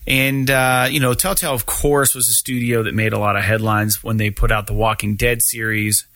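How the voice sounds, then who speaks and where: A man's voice: lowish voice, level tone, moderate pace, pushed and bright, dry recording. A man hosting a casual gaming news podcast, talking loosely with lots of swearing and filler words. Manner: profane, rambling, lots of fillers. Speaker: podcast host.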